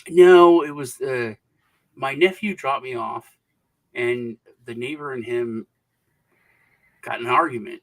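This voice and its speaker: A man hosting a casual podcast panel, rambling and retelling stories with animated quoted voices over a remote call mic. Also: mid-range voice, measured pace, long pauses, recorded from a distance, low-quality recording. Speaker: podcast host.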